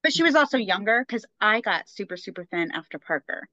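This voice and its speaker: Bright, chatty woman co-host, lo-fi. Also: mid-range voice, sing-song, no room sound. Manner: fast, chatty, lots of fillers. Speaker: podcast co-host. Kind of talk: casual chat. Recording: dull lo-fi sound.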